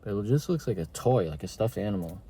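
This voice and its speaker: Young adult male reviewer, lowish warm tone, loose slangy delivery. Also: animated, fast, a little hiss or hum. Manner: slangy, rambling, heavy on filler words. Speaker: TV show reviewer. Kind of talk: casual spoken review.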